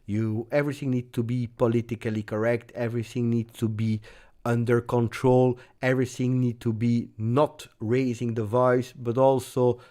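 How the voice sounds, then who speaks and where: A man's voice: medium pitch, flat delivery, normal speed, dark tone. A man hosting a live post-match fan reaction, speaking in a passionate, emphatic and rambling way. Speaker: football channel host.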